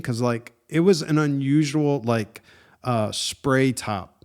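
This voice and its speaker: A man hosting a podcast, telling a story in a casual, animated way and often saying "dude" and "man". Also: medium pitch, measured pace. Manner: animated and conversational, with frequent "dude" and "man", laughs at himself. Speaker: podcast host.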